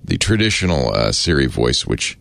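Gravelly low-voiced man, chatty and wry. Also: big pitch swings, moderate pace, fairly bright tone. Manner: chatty, wry, laughs at himself, trails off and restarts. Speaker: host explaining a word of the day. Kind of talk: casual explanatory talk.

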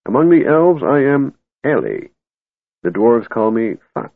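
A man voicing a kindly old wizard who is secretly a god, speaking slowly and gently. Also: medium pitch, very animated, vocal fry, no room sound, pitched above the performer's own voice. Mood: solemn. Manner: slow, gentle and soothing. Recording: tinny, phone-like and dry.

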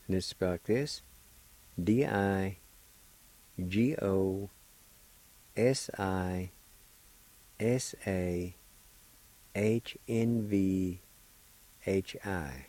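A man hosting a radio language lesson, slowly spelling and pronouncing words syllable by syllable. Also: low voice, dark tone, low-quality recording. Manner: slow, deliberate, spells syllables one at a time. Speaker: language teacher and radio host. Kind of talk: slow spelling and pronunciation lesson.

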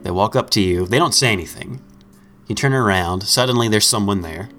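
A man's voice: lowish voice, a little fast, pushed and bright, soft background music. A man hosting a casual comedy podcast, reading out odd news items and laughing easily. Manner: reads news items, laughs often, easygoing. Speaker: podcast host.

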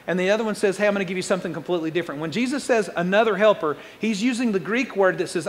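A man preaching a sermon as pastor, fast-talking, joking and conversational, building up excitement as he explains scripture. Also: high voice, big-room sound.

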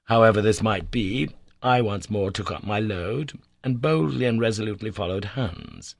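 A man reading a classic adventure novel aloud as an audiobook narrator, measured and storytelling, lifting his voice for emphasis. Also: creaky, dry recording. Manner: measured storytelling, lifts pitch and volume for emphasis.

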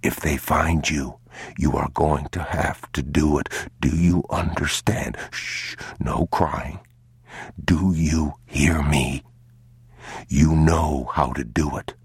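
A man voicing an exhausted, protective father in a storybook, in whispered role-play, urgent and very slow. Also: a bass voice, fairly even intonation, slightly rough, dry recording, clean studio sound, heavily acted.

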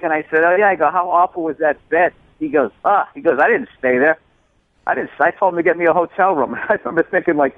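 He's a fast-talking comedian with a voice on the high side, guesting on a casual interview where he tells lively stories and acts out the characters' voices. Recording quality is dry and tinny, phone-line style.

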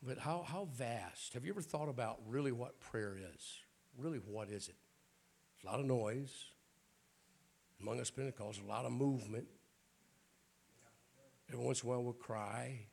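A man, a bishop, preaching a sermon at a church prayer night in a raspy voice with folksy jokes and frequent throat clearing. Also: medium pitch, moderate pace, pauses often, darkish tone. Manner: folksy, joking preacher talk.

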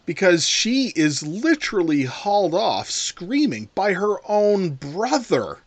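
A man co-hosting a casual talk show, rambling and animated as he discusses a film. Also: high voice, slow pace, no echo. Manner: animated, rambling with restarts and playful impressions. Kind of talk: casual chat about a film.

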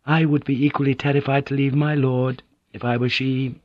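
A man reading an audiobook, voicing a composed young noblewoman who interprets, with measured, polite speech. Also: medium pitch, flat delivery, dry recording, voice pushed up, lightly acted. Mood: worried. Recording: dull, dry audiobook tape.

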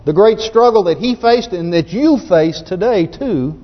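High-voiced fervent preacher, echoing hall. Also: male voice, lively intonation, a little slow. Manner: folksy, fervent preaching with many restarts. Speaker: pastor. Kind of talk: sermon. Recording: muffled recording in a reverberant hall.

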